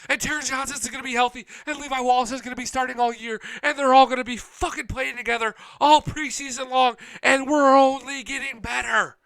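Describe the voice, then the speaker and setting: A man's voice: very high-pitched, fairly even intonation, fairly quick, few pauses, a bit bright, clean tone. A young man hosting a live sports talk show, ranting with heavy profanity and hype. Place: home studio.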